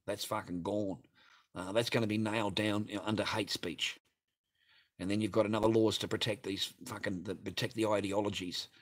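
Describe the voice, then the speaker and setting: A man's voice: on the low side, fairly bright tone. A man hosting a livestream and reading viewer chat, talking in a profane, rambling, blunt way. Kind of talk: casual livestream rant.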